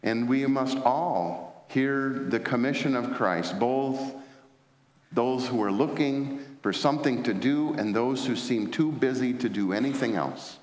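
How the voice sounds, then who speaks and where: In a large church sanctuary with echoey acoustics, a pastor preaches a sermon by telling stories, using frequent fillers and restarts. His mid-range voice has a darkish tone and a measured pace.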